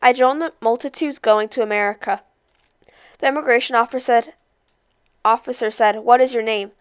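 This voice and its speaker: A young woman casually introducing, then reading a novel aloud with expressive character voices. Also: on the high side, normal speed, smooth, dry recording. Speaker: read-aloud host.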